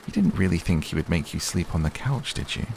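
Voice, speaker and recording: A man voicing a playful, teasing young woman in a soft, slow, whispered role-play reading. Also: low-pitched, lively intonation, vocal fry, slight background noise. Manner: soft, slow, barely acted.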